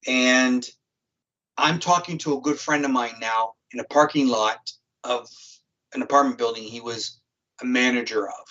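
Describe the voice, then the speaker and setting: A man who is a psychic criminal profiler tells a story as a talk show guest, vividly and casually, in blunt, profane terms. His mid-range voice is pushed and bright at a moderate pace, heard through dull lo-fi stream audio.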